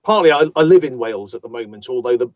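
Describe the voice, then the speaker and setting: A man from Yorkshire, an audiobook narrator, chatting about his voice work in an animated storytelling manner. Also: mid-range voice, fast talker, no room sound. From Yorkshire, England. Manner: animated, chatty storyteller who slips into accents. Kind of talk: casual conversation about voice work.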